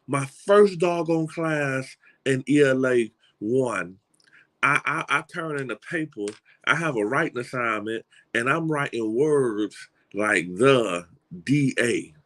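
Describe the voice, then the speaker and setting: A middle-aged man with a Southern US drawl speaks as a motivational speaker. His voice sits at an ordinary pitch. He talks in an animated, folksy way, circling back with restarts and repeated words as he tells his stories. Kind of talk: motivational storytelling talk.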